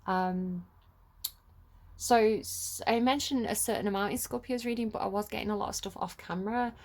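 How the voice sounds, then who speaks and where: A woman's voice: medium pitch, normal speed. A woman giving a casual collective tarot reading, chatty and rambling with many fillers. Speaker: tarot reader.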